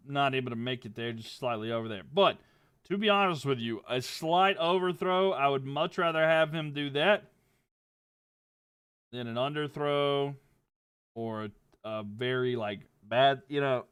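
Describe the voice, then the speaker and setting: A young man giving casual play-by-play commentary on a livestream, getting louder on big plays and dropping low when he talks to viewers. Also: clean tone. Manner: rises and quickens on big plays, drops low chatting with viewers.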